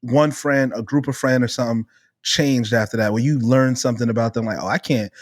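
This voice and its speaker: A man around thirty tells a story in loose, casual podcast chat. He is animated and swears freely, slipping into the voices of the people in his story. His voice sits at a middling pitch, and the sound is close and dry. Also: a little fast, no room sound. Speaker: podcast co-host.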